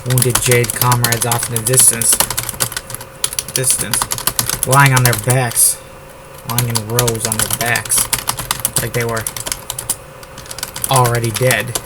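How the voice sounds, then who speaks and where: A man from the United States drafting his novel out loud, repeating words and phrases as he types them. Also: medium pitch, flat delivery, slow, long pauses, very noisy. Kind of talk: thinking aloud while drafting a novel. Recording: loud keyboard typing over the voice. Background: keyboard typing.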